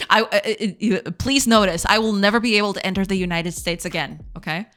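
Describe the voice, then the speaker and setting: A woman's voice: mid-range voice, normal speed, hardly any pauses, fairly bright tone, faint music behind. A woman streaming game development live, chatting casually with viewers, giggling often and tripping over her words in a self-deprecating way. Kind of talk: casual livestream chat, reacting to chat.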